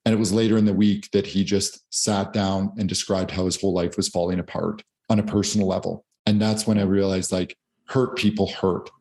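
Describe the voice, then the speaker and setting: A man's voice: on the low side, darkish tone. A man hosting a podcast as a physician, talking in a reflective, earnest way. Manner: reflective, earnest, some repeated words. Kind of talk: conversational podcast interview.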